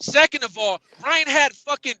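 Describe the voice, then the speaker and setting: A man hosting a boxing podcast, ranting loudly and profanely in a heated debate, shouting at his co-hosts. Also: very high voice, normal speed, dry recording, poor audio. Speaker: podcast host. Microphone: streaming podcast mic.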